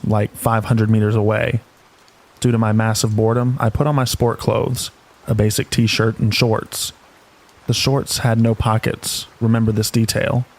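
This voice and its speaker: Low, flat-voiced male narrator. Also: poor audio. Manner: slow, low-key sleepy delivery. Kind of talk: calm scripted narration of scary stories. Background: rain sounds.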